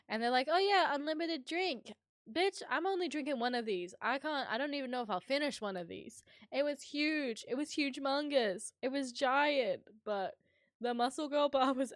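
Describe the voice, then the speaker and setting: A woman's voice: fairly high pitch, no echo, clean studio sound. A woman streamer casually telling stories to her chat, rambling with lots of ums and frequent laughter. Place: home streaming setup.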